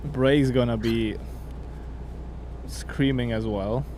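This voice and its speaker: A man chats casually on a gameplay livestream, remarking on his driving as he goes and joking with his co-host. His voice is of middling pitch, with a light bed of noise underneath. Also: steady tone, takes it slowly, mellow. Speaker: stream co-host driving in the game.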